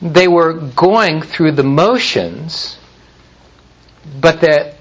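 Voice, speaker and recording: A man preaching a sermon in a measured way, with frequent pauses and restarts. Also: on the high side, animated, a bit bright, muffled recording. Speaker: pastor.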